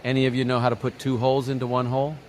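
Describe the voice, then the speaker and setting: A man's voice: mid-range voice, monotone, very fast, a little mellow, slight background noise, natural voice. A man voicing a smug male schoolteacher who likes posing riddles. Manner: smug, matter-of-fact.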